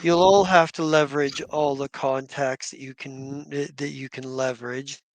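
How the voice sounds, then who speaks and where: A man voicing a solemn female guardian who hands out grave advice in measured pronouncements during a tabletop game. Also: medium pitch, flat delivery, no echo, close to an everyday voice. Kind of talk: tabletop role-play voicing.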